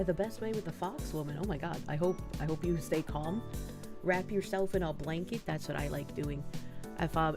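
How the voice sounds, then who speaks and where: A young adult woman with a deep voice is live streaming and reading chat aloud in casual talk. She swears often and swings between soft mumbling and loud outbursts.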